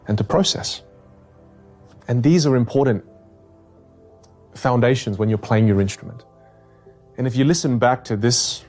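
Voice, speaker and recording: A man working as a communication coach, explaining his ideas in a podcast conversation with energetic, emphatic repetition. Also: mid-range voice. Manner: energetic, emphatic, repeats key points.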